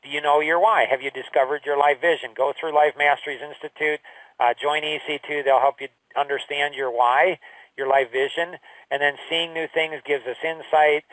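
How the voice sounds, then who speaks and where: A man's voice: on the high side, fairly even intonation, normal speed, a bit bright, dry recording, distant mic, low-quality recording. A man teaching a recorded lesson, telling personal stories in a rambling, anecdotal way full of "you know" and "like". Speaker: course instructor.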